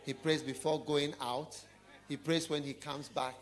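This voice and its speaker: Man, preacher, sermon, storytelling, asks the crowd questions, slightly high voice. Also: level tone, unhurried. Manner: storytelling, asks the audience questions, drops to quiet and low.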